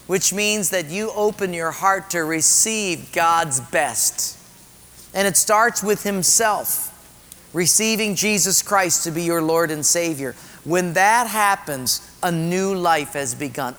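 A male pastor preaches a sermon with a high voice and an unhurried, emphatic delivery. He repeats key phrases to drive them home. His words trail off in a long church echo. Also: sharp tone.

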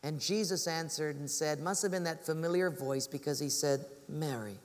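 High-voiced pastor preaching in a reverberant church. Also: male voice, normal speed. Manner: storytelling, acts out voices of people in his stories. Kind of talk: sermon.

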